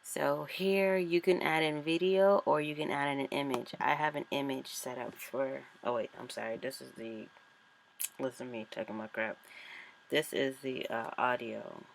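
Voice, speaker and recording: A woman's voice: a bass voice, steady tone, normal speed, vocal fry, a little hiss or hum. A woman author chatting casually and thinking aloud as she walks through a screen-recorded tutorial. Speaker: author and vlogger.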